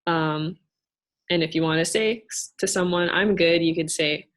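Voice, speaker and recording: A woman's voice: fairly low pitch, moderate pace. A young woman, a student presenter, explaining things in a careful, hedging, casual way. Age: young adult.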